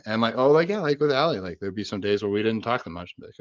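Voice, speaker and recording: A man's voice: animated, racing, hardly any pauses, no room sound, muffled recording. A man co-hosting a podcast in casual chat, self-deprecating, acting out quoted conversations with big jumps in his voice. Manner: acts out quoted exchanges with big pitch jumps; self-deprecating, says he is an introvert. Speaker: podcast co-host.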